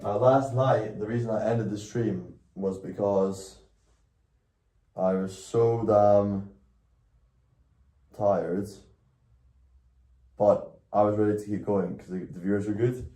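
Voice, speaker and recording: Rambling young male streamer, lowish voice. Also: fairly even intonation, slow pace, long pauses, mellow. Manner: rambling and self-correcting, with frequent swearing. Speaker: IRL streamer. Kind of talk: casual live-stream chat.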